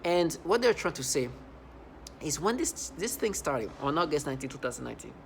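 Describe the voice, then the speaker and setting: A man in his thirties giving a personal testimonial, halting, often repeating and restarting words. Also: fairly high pitch, very animated, creaky, slight background noise. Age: 30s. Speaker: vlogger.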